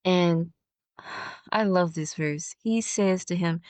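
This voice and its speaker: A woman podcast host muses out loud in a reflective solo talk, pausing and restarting as she hunts for the right word. Her voice sits on the low side, and the recording is close and dry with no room sound. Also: no echo. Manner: thinks out loud, halting and searching for words.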